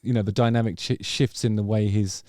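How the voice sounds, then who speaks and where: A man's voice: fairly low pitch, steady tone, brisk, darkish tone, slight background noise. A man hosting a music review video, musing through casual reaction commentary and trailing off into self-corrections. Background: faint music from the video under review.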